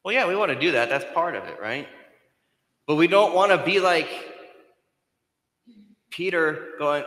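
A male pastor preaching a sermon in a conversational way, rising to loud emphasis and dropping to soft, hushed lines. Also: fairly high pitch, expressive, a little slow, pauses often. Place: church sanctuary. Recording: echoey church hall.

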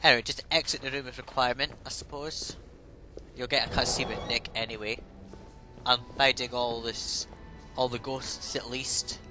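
A man's voice: medium pitch, flat delivery, normal speed, rough recording. A man casually rambling through game commentary, offhand and prone to swearing. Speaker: gaming let's play host. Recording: voice over game music.

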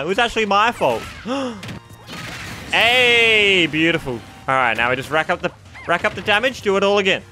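Excitable man doing game commentary. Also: high-pitched, normal speed, slight background noise. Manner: excitable, jokey, talking to himself while playing. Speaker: gaming YouTuber. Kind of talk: let's-play commentary.

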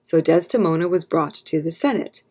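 A woman narrating an abridged classic play as a calm, steady read-aloud story for children. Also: low voice, normal speed, husky. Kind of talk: scripted narration.

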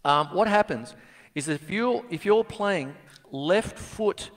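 A man's voice: high-pitched, animated, slow pace, in a large hall. A man, giving a casual, jokey drum lesson on stage in a venue. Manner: chatty and jokey, laughs often. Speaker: drum teacher. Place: music venue theatre stage. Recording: live drum kit loud behind voice.

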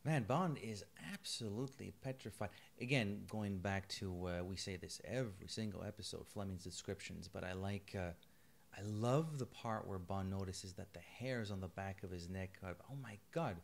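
A man's voice: low voice, normal speed, vocal fry. A man co-hosting a casual podcast book review, rambling and joking with lots of restarts. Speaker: podcast co-host.

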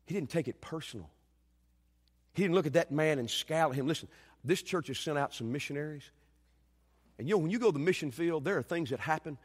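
A man preaches a sermon in a church, with a voice pitched high for a man. He swings from loud, dramatic storytelling down to hushed and earnest, and the long hall reverb hangs after each phrase. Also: fast. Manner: dramatic storytelling preacher, shouting acted quotes then dropping low and quiet. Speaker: pastor.

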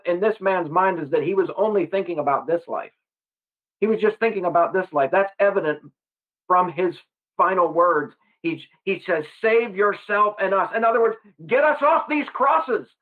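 A man preaching a gospel sermon in earnest, putting questions straight to the listener. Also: sits high. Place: gospel hall. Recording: tinny phone-like sound.

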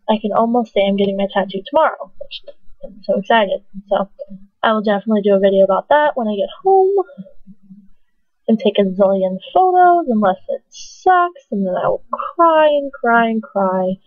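A woman's voice: medium pitch, no echo. A young woman vlogging casually at home into a webcam, rambling with lots of fillers and giggly asides. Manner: chatty, filler-heavy, giggly and self-mocking. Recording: dry, tinny phone-like sound.

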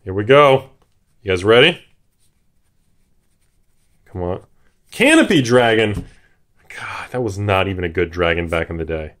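A man hosting a card-opening video, talking in a hyped, jittery way and shouting at big pulls. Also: sits low, expressive, unhurried, long pauses. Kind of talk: excited casual commentary.

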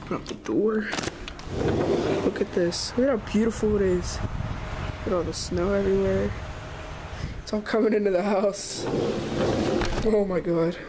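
A woman vlogging at home on a handheld camera, excited and rambling with lots of filler words. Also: mid-range voice, a little slow, long pauses, noisy background. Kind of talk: casual vlog. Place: indoors at home.

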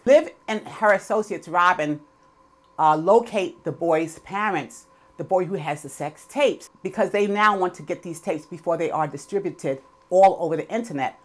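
A woman's voice: on the low side, moderate pace. A woman giving a casual, chatty recap of a TV episode, opinionated and full of fillers. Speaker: TV episode reviewer.

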